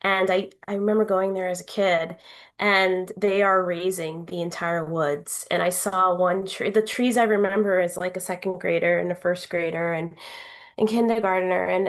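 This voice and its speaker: A woman sharing a heartfelt personal story in a group video call, animated and emotional, sometimes dropping her voice low. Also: normal speed. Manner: emotional, animated storytelling with sudden drops to a whisper. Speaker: circle participant.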